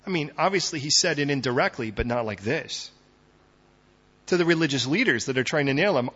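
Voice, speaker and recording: A man preaching a sermon as a pastor, dramatic, swinging from loud emphatic lines to hushed ones. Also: fairly high pitch, lively intonation, quick pace, breathy edge, muffled recording.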